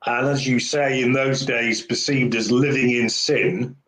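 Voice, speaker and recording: A man's voice: medium pitch, steady tone, a little slow, fairly bright tone. A male interviewer asking questions in a courteous, effusive manner. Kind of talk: conversational interview. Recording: echoey room.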